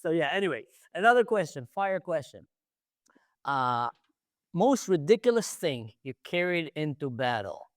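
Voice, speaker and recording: A man's voice: a little high, very animated, moderate pace. A young adult man hosting a podcast, telling a story with animation and acting out scenes in casual conversation. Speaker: podcast host.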